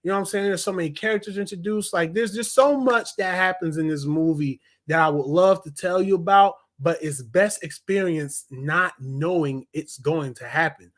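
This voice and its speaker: A man reviewing a movie in casual, slangy talk, acting out quotes in an animated way. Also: on the high side, normal speed, few pauses.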